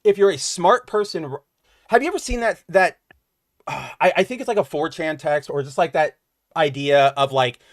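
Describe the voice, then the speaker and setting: Male podcast co-host, slightly higher voice, casual and tangent-prone, dry close mic. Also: lively intonation, normal speed, no echo. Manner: rambling, loses his train of thought, acts out quotes. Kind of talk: casual chat.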